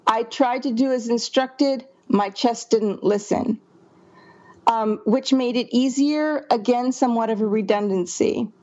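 A woman's voice: on the high side, unhurried, warm tone, dull audio. Woman editor walking through a manuscript. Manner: explanatory, reads passages aloud then comments. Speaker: book editor. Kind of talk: manuscript critique walkthrough.

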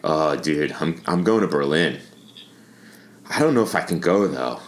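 A man's voice: rumbling low, lively intonation, normal speed. A man co-hosting a podcast, chatting casually and telling a story through bursts of laughter. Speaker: podcast co-host. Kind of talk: casual chat.

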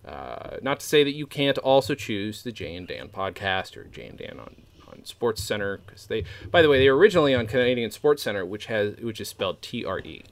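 A man co-hosting a comedy podcast, talking loosely and swearing freely. His pitch swings widely as he jokes. He laughs often and breaks into quick silly bits. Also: sing-song. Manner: profane, laughing, jumps into silly put-on voices. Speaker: podcast co-host. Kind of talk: casual comedy chat.

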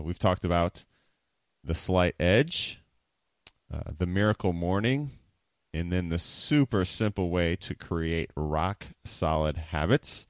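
Man, very low voice, podcast host, casual upbeat chat, dry recording. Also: dry recording. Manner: chatty and upbeat, laughs easily.

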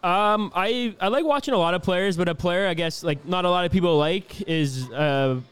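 A man in his twenties from Canada, answering interview questions in a relaxed, easygoing way with lots of fillers. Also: high-pitched, normal speed, clear, resonant tone. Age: 20s. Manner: easygoing, laughs often, many fillers. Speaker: hockey player being interviewed.

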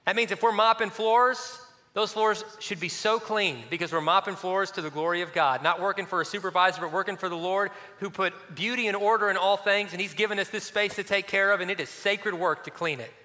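A man delivering a sermon with a high, ringing voice. He tells stories with animation, then sinks into a soft hush. A long hall reverb hangs after each phrase. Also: fairly quick. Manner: animated storytelling with sudden drops to a soft near-hush. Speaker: pastor.

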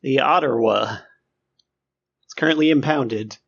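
A man playing in a tabletop game, speaking in character in an earnest, slightly halting way. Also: medium pitch, gravelly, a bit bright, breathy edge, lo-fi sound. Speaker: player. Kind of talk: in-character tabletop role-play.

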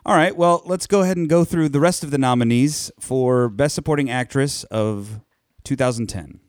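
A man's voice: mid-range voice, normal speed, no echo, clean studio sound. A man co-hosting a casual podcast quiz, hesitant and laughing often, with swearing. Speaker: podcast co-host, quiz contestant. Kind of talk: casual chat.

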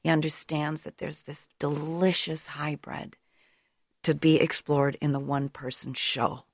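Casting note: actress guest, very low voice with gravelly fry, dry studio mic. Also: female voice, flat delivery, measured pace, no room sound. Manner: enthusiastic. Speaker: stage actor, guest. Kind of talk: radio interview.

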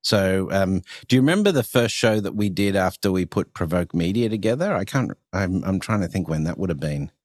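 A man's voice: sits low, animated, fairly quick, few pauses, darkish tone, no room sound, clean studio sound. An Australian man hosting a podcast, talking casually and loosely with lots of ums and you-knows. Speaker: podcast host.

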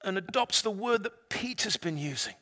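A man preaching a sermon, retelling a story dramatically and swinging between loud, emphatic lines and hushed, quiet ones. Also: high voice, animated, moderate pace. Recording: long reverb of a large hall.

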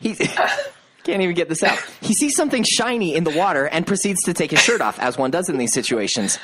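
Animated man recapping a drama. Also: fairly quick, noisy background. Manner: animated storyteller, voices quotes with rising pitch. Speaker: podcast co-host. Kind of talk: casual chat, recapping a TV drama.

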